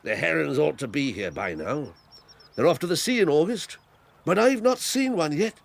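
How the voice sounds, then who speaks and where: In a 1980s radio drama, an actor plays Squire Hamley, a hearty, talkative old country squire who rambles in a genial, fatherly way. The older character's voice is gravelly and on the high side, with lively intonation and a moderate pace.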